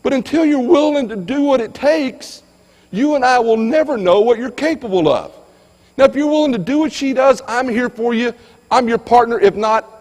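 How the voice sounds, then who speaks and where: A man delivering a motivational keynote in a large auditorium, his slightly high voice swinging from punchy bursts to near-whispers. His words trail off into a long hall reverb. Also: animated, a little fast. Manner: emphatic, swings between loud and hushed.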